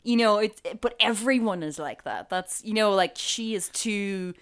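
A woman's voice: mid-range voice, normal speed, a bit bright, clear, resonant tone. A woman co-hosting a film podcast, enthusiastic and gushing, full of "like" and "um". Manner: enthusiastic, gushing, many fillers. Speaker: podcast co-host. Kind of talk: casual film chat.

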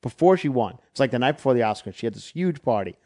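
A man's voice: medium pitch, expressive, fast, warm tone. A man co-hosting a casual chat show, easygoing and agreeable, telling rambling stories. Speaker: podcast co-host.

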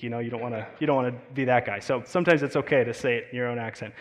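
A man with an American accent preaching a sermon, talking in a conversational, animated way with frequent fillers and asides. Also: medium pitch, rapid-fire, long reverb tail. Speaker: pastor.

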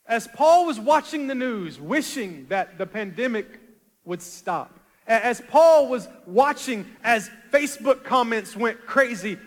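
A male pastor preaching a dramatic sermon, swinging from quiet low asides to loud rising appeals. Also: long reverb tail.

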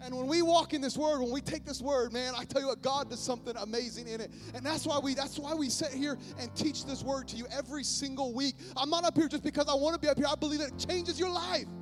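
Man, pastor, high pitch, energetic sermon, music behind. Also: fast, hardly any pauses. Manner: energetic, calls on the congregation often. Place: church sanctuary.

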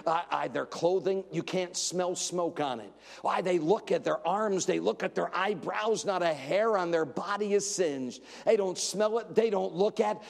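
A man preaching a sermon in an emphatic, sarcastic way, swinging between loud and hushed delivery. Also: high-pitched, vocal fry. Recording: reverberant hall.

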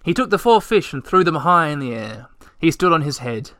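A man reading a storybook aloud with gentle, measured narration. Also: a little high, big pitch swings, no room sound, studio quality.

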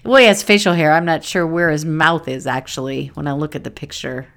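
A woman with a fairly low voice co-hosts a podcast in relaxed chat. She is warm-hearted and chatty. She laughs easily as she talks with her co-host. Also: fairly quick, a little hiss or hum. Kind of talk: casual chat.

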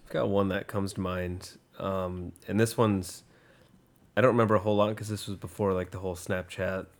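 A young man in easy casual chat, relaxed as he starts a story of his own. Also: low-pitched, moderate pace.

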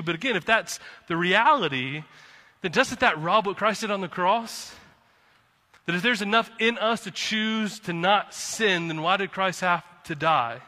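A man preaching a sermon as pastor from the pulpit, impassioned, swinging from quiet to fired-up. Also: sits high, lively intonation, moderate pace. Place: church sanctuary. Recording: long reverb of a hall.

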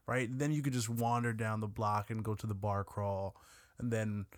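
A man's voice: on the low side, level tone, moderate pace, dry recording. Brash man joking crudely, dry sound. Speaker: podcast co-host. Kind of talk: casual chat.

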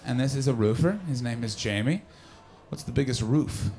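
A man's voice: medium pitch, normal speed, music in the background. A man doing stand-up crowd work on a comedy club stage. He is brash and profane, and he teases audience members. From not from the UK.

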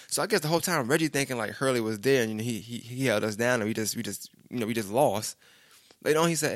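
A man's voice: mid-range voice, fast, a bit bright, no echo, studio quality. A young man, telling a personal story in a loose, rambling way and often saying "you know what I'm saying". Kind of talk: casual storytelling monologue.

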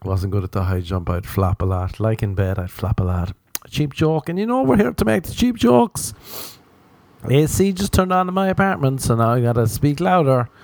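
A man's voice: medium pitch, expressive, moderate pace, vocal fry, a little mellow, no echo. A man from Ireland hosting a solo comedy podcast from his apartment, rambling through self-mocking jokes and tangents. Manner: self-mocking, meandering, jokey asides. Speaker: podcast host.

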